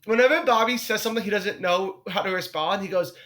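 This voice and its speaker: A man with a very high, sharply bright voice talks as a comedian guest on a podcast. He rants with exasperated, swearing energy and breaks into laughs as he tells stories. The delivery is loose, casual chat. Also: quick pace. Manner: profane, exasperated ranting with laughs.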